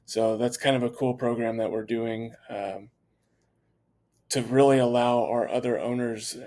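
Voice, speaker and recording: A franchise owner talks through his business as a guest on a podcast. He sounds confident and conversational, with plenty of ums and false starts. It is a plain male voice at an ordinary pitch. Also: steady tone, a little slow, mellow. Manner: conversational, with frequent fillers and restarts. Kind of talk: candid interview talk.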